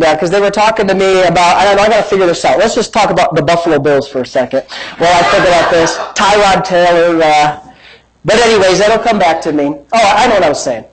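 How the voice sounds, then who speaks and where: A man preaching a sermon as pastor, building to emphatic shouts and joking asides. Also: sits high, expressive, fairly quick, low-quality recording.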